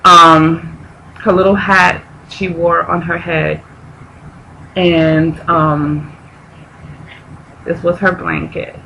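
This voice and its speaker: A grieving woman vlogger talking haltingly to her camera, close to tears, often stopping and restarting. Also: lowish voice, level tone, creaky, sharp tone, slight background noise, poor audio. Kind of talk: emotional personal vlog.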